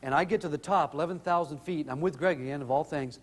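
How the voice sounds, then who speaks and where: A middle-aged man telling humorous family stories in an animated way to an audience. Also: fast, big-room sound. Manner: animated, rises in pitch when excited. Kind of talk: humorous storytelling talk.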